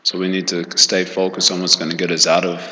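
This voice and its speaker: Deep-voiced guy chiming in during class, crisp sharp edge, echoey room with a little noise. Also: level tone, quick pace. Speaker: class participant. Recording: echoey hall with faint noise.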